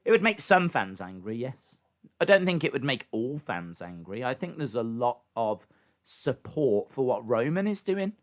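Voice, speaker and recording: A man hosting a live reaction stream, excitably commenting and answering chat questions, his microphone clipping when he gets loud. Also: medium pitch, moderate pace. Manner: excitable, hums entrance themes, answers chat. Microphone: desk microphone that clips when loud.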